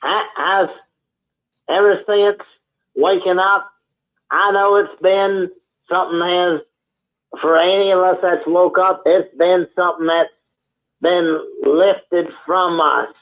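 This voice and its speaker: A man from Texas, calling in and speaking in a halting, stammering, earnest way. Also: sits high, fairly even intonation. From Texas, USA. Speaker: caller. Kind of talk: phone-in call. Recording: tinny phone line.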